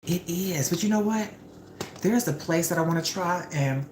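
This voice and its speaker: Chatty young woman, live-stream host, cooking at home; low-pitched voice, lively and profane, echoey room. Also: moderate pace. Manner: animated, chatty storyteller, swears freely. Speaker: livestream host. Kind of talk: casual live-stream chat while cooking. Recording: roomy with faint background noise.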